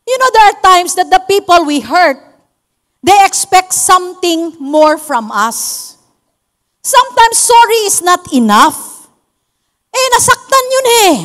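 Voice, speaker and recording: A Filipino woman delivers a church sermon in a very high voice, unhurried and deliberate. She teaches with emphasis and acts out little quoted exchanges. Her voice rings with the long reverb of a church hall. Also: sing-song, a bit bright. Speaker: preacher.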